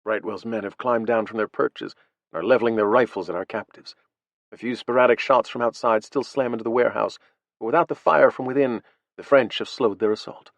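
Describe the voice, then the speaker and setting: A man reads a first-person audiobook in a steady voice at a middle pitch. His delivery is even and measured. The sound is dry and close, with no room echo. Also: lo-fi sound. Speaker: audiobook narrator.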